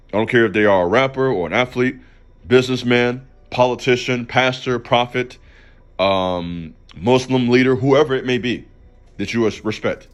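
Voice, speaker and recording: A man hosting a faith channel, giving a motivational talk in an emphatic, preachy way and calling out to the listener directly. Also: mid-range voice. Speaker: channel host.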